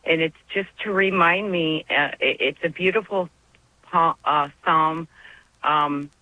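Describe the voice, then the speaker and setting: A woman's voice: sits low, measured pace, dry recording. A woman calling in to a radio show, talking in an earnest, emotional, devout way. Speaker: caller. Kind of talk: call-in radio conversation. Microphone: phone. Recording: dull dry phone line.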